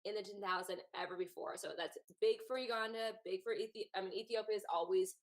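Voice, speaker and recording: A woman's voice: medium pitch, fairly even intonation, fast. A woman hosting a casual sports chat, talking in a loose, chatty way with many fillers. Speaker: host.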